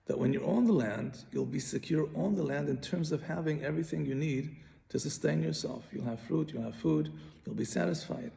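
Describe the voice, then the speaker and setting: Gravelly-voiced man teaching a text. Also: fairly high pitch, a little fast, mellow. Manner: patient, repeats and restarts phrases while explaining. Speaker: Torah teacher. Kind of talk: explaining a Bible commentary.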